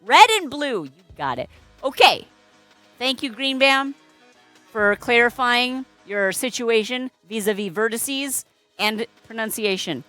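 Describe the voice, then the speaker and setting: A woman's voice: fairly high pitch, expressive, a little slow, pushed and bright, soft background music. A woman hosting a casual livestream as a balloon artist, chatty and playful, greeting viewers and making puns. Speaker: balloon artist streamer host.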